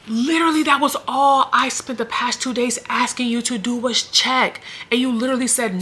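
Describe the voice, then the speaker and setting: A woman's voice: a little high, moderate pace, few pauses, sharp tone. A woman vlogger telling a story in an emotional, indignant way. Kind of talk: storytime vlog.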